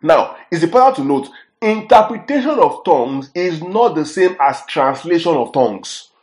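Emphatic preacher in echoey room. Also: male voice, a little high, expressive, moderate pace. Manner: emphatic, checks in with listeners often. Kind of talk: teaching sermon.

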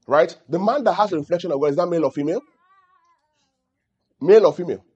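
A man's voice: a little high, fast, darkish tone, slightly rough, muffled recording. A man preaching a teaching sermon, often asking his congregation questions. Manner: calls out questions to the audience. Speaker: pastor.

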